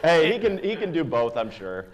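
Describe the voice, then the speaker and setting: A man's voice: a little high, sing-song, normal speed. A man reporting entertainment news to talk show hosts in an easygoing, upbeat way. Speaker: entertainment correspondent.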